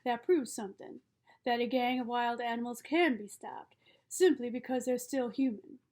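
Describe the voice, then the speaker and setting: A woman reading the part of a calm, wise middle-aged father, who speaks steadily and patiently. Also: on the high side, normal speed, lightly acted. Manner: steady, patient, gently reasoning.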